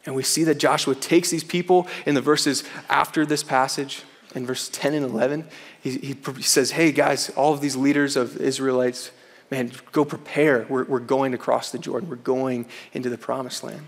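A man preaching a sermon in a casual, earnest way, often saying "man" and slowing down to read scripture aloud for emphasis. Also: mid-range voice, fairly even intonation, in a large hall. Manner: earnest, conversational preaching with frequent "man" interjections.

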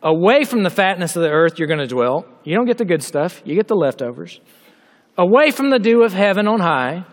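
A man preaching a sermon in a large hall, reading scripture aloud and explaining it with emphatic, drawn-out delivery. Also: high-pitched, very animated. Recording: long hall reverb.

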